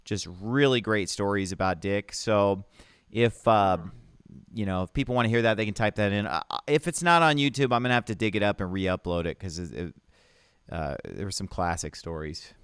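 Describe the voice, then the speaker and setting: A man with a smooth, resonant voice talks casually on a live show. The sound is dry and close, and he often stops and restarts his sentences. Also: fairly low pitch, moderate pace, fairly bright tone, no echo. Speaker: pastor, guest on show. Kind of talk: casual chat.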